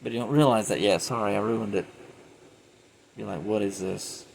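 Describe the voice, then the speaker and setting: A man's voice: fairly low pitch, fairly quick, gravelly, a little mellow, a little hiss or hum, poor audio. A man giving a casual, rambling film review, retelling scenes animatedly and often laughing.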